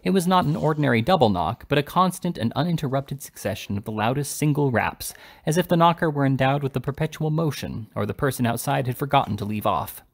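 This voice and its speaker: A man reads a classic novel aloud at a measured, steady pace. His voice is gravelly and pitched in a middle range. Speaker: audiobook reader.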